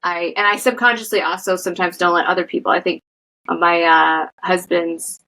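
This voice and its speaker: A woman therapist speaks in a slightly low voice, unhurried and reflective. She talks in a casual conversational way, often pausing on fillers as she works through her thoughts. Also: steady tone, bright, forceful tone, low-quality recording. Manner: thoughtful, uses many fillers. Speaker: therapist guest.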